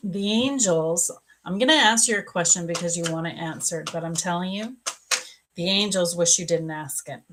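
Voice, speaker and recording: A middle-aged woman hosting a live psychic reading, answering viewer questions in a slow, soft-spoken, emotional and earnest way. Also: lowish voice, slight background noise, poor audio.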